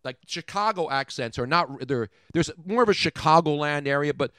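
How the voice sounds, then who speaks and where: A middle-aged man hosting a radio show, riffing in casual comedic banter with an animated, rambling delivery. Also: a little high, normal speed, clean tone, dry recording, studio quality. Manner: animated, joking, rambling riffs.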